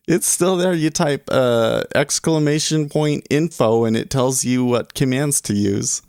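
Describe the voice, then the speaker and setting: A man's voice: medium pitch, unhurried, vocal fry, few pauses, darkish tone, smooth, dry recording, clean studio sound. A man hosting a day trading livestream, rambling casually and chuckling as he reads chat aloud.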